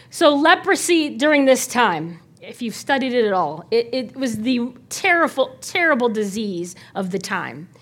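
Chatty woman teaching a Bible lesson. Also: high-pitched. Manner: conversational, asks listeners to imagine, frequent "right?".

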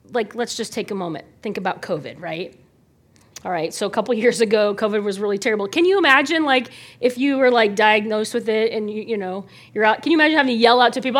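A woman's voice: sits high, a bit bright. Chatty woman teaching a Bible lesson. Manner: conversational, asks listeners to imagine, frequent "right?".

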